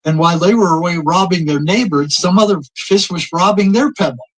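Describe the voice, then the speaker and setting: An older man spins a rambling tale, stumbling over his words and putting on the voices of the people he quotes. His voice sits a little high and sounds husky. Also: a little fast, low-quality recording. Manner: rambling anecdotes, repeats words, acts out quoted exchanges. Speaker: guest telling stories. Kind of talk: casual storytelling.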